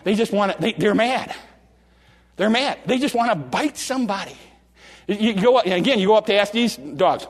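A man with a high voice preaches in a folksy, animated way, drawing out key phrases and stumbling through quick restarts. His voice rings through a large church with long reverb trailing after each line. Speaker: pastor. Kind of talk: sermon. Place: church sanctuary.

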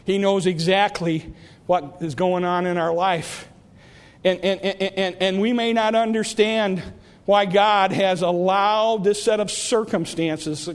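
A man preaching a sermon as a pastor, swinging from impassioned shouting down to hushed, pleading repetition. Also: high voice. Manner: rises to impassioned shouts, drops to hushed pleas. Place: church sanctuary. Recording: long reverb of a church hall.

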